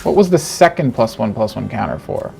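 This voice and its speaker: A man giving casual, animated commentary on his own card game, talking to himself and joking through his frustration. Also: medium pitch, fairly quick, creaky, soft background music. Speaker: game streamer. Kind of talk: gameplay commentary.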